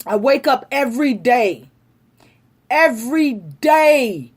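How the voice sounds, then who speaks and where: Fiery, high-voiced woman ranting. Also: animated, takes it slowly, slightly rough. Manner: angry, forceful, addresses the audience directly. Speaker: vlogger. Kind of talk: impassioned direct-to-camera rant.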